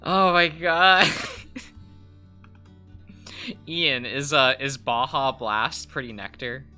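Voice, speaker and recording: Male streamer, casual rambling chat, sharp bright tone, unhurried. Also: medium pitch, smooth, faint music behind. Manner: giggly, rambling, many fillers. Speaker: streamer drawing live.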